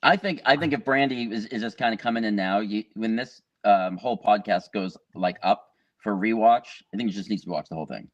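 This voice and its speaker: A man, an author guest on a podcast, speaking in a relaxed, joking way over a remote call. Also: fairly low pitch, a little fast, no room sound, dull audio. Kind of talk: casual podcast interview.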